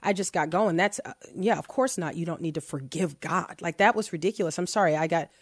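Woman, talk show host, animated and laughing, dry close sound. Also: on the low side, a little fast, breathy edge, dry recording. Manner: animated, frequent laughs, restarts mid-sentence. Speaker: podcast host. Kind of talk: faith-based talk show discussion.

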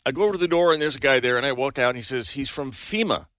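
Bright, dry-sounding man telling a story. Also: medium pitch, animated, racing, no room sound. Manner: chuckling, rambling anecdote with restarts. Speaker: show co-host. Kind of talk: casual chat, storytelling.

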